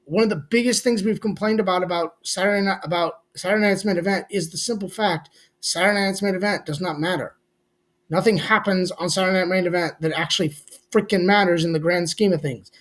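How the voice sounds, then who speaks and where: A man giving a blunt, casual, opinionated recap for his vlog, swearing freely and talking straight to his viewers. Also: high-pitched. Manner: blunt, swears casually, addresses fans as "boys". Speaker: wrestling commentary vlogger.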